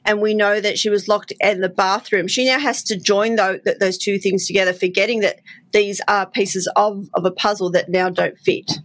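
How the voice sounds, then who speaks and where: A woman's voice: mid-range voice, fairly even intonation, moderate pace, dry recording. A woman co-hosting a podcast, explaining her analysis in a thoughtful, chatty way. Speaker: podcast co-host. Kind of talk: casual analytical chat.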